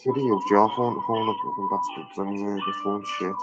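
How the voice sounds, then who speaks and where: Talk like a loud, swearing bloke. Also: male voice, fairly low pitch, fairly even intonation, quick pace. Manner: chatty, loud, swears a lot. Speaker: vlogger. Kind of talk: casual vlog while on hold to a phone company. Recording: slightly dull recording with faint music.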